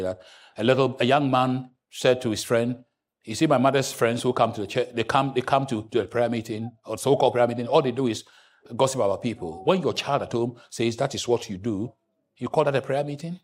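A male pastor delivers a sermon at a slightly quick pace, swinging from quiet asides to loud, high-pitched outbursts.

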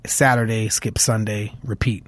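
A man's voice: fairly low pitch, fairly even intonation, normal speed, a bit bright, no echo. A man from Los Angeles, a musician guest, telling stories in a casual interview, with lots of fillers and restarts. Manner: rambling storytelling with many fillers.

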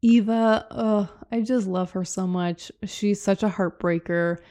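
A woman's voice: medium pitch, fairly even intonation, a little slow, mellow. Young woman, podcast co-host, enthusiastic, gushing, casual chat. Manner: gushing, enthusiastic, reads quotes aloud.

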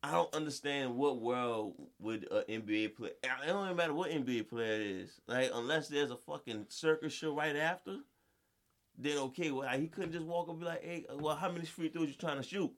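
A man co-hosting a podcast, talking basketball in casual, profane, animated chat and laughing often. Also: medium pitch, brisk. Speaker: podcast co-host.

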